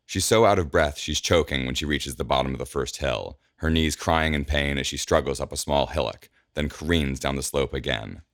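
A man reading scripted narration in a measured, descriptive way. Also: very deep voice, a bit bright, dry recording, clean studio sound.

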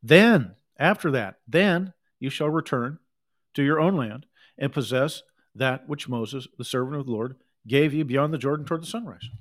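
A middle-aged man preaching a sermon, reading scripture and breaking off into conversational asides and quick acted quotes. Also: mid-range voice, animated. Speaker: pastor.

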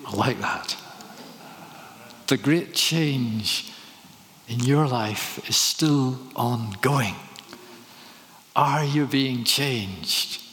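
A man's voice: medium pitch, drawn-out words, long pauses, a bit bright. A man preaching a sermon, telling stories and asking rhetorical questions. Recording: reverberant hall.

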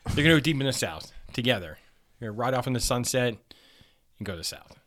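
A man's voice: medium pitch, fast. A man hosting a podcast and telling a comic anecdote in a profane way, breaking into laughter. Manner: animated, profane, laughing storyteller. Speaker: podcast host telling a story. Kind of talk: comedic anecdote.

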